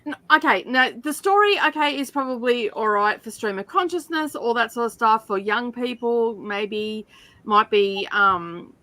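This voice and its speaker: A middle-aged Australian woman hosting a reading stream, telling animated stories in casual chat and often breaking into laughter. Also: a little high, normal speed, no room sound.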